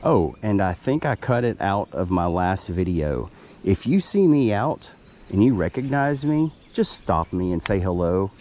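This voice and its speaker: A man's voice: deep voice, very animated, unhurried, dark tone, a little hiss or hum. A man talking casually to the camera while kayak fishing on a river outdoors, chatty and self-deprecating. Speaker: fishing vlogger. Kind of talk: casual outdoor vlog narration.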